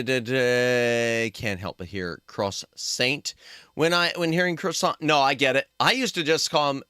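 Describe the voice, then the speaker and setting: A man's voice: medium pitch, bright, forceful tone, no echo. A young man chatting with his audience while playing a game on stream, joking and yelping when he dies. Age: young adult. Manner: joking, chatty, reads chat aloud, yelps at deaths. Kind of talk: casual gaming stream chat.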